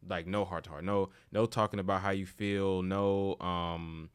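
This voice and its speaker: Deep-voiced man telling stories, slangy. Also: a little slow, smooth. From St. Louis, USA. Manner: loose and slangy, swings into animated storytelling. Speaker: podcast host. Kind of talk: casual conversation.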